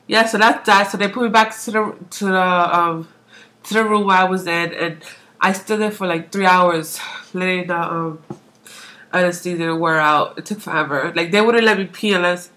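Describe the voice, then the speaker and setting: Chatty young woman, bright voice. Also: mid-range voice. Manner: chatty, rambling, full of "like"; acts out quoted voices, laughs often. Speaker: vlogger. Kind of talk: casual pregnancy vlog.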